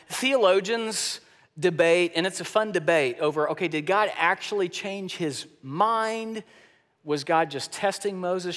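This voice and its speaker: A male pastor preaching a sermon, telling scripture stories with animated swings in pitch and loudness. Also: long reverb tail.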